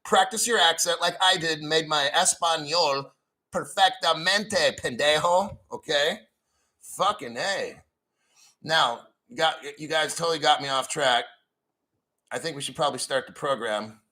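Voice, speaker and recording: A foul-mouthed middle-aged man with a slightly high, sharp and forceful voice hosts a livestream, ranting combatively. He rambles from one complaint to the next without any polish. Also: normal speed, rough recording. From United States. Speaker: crypto livestream host. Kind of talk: profane ranting livestream talk.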